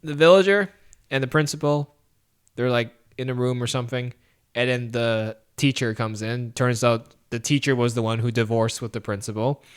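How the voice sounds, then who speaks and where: Man, podcast co-host, casual movie chat, animated retelling, acts out lines, laughs a lot, middle pitch. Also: normal speed, clear, resonant tone.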